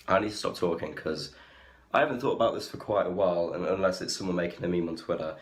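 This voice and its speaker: A man with a low voice talks to camera in a room with a lot of echo. He rambles, stops and restarts, and sounds defensive as he goes. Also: moderate pace. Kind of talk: casual talking-head video.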